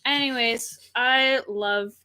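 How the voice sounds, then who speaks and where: A woman's voice: a little high, takes it slowly, bright, forceful tone, clean tone. A young woman in casual chat, co-hosting a countdown, chatty and swearing freely. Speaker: co-host.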